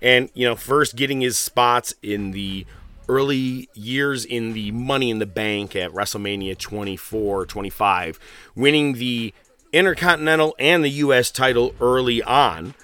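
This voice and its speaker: A man's voice: medium pitch, unhurried, sharp tone, clean tone. A man hosting a casual podcast, rambling and profane, with lots of fillers. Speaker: podcast host.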